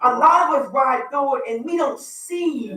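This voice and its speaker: A man's voice: extremely high pitch, normal speed, pushed and bright, roomy sound, far from the mic, low-quality recording. A man with a Baltimore accent co-hosting a radio talk show, speaking passionately and building to emphatic points like a preacher. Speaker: radio show co-host and youth mentor.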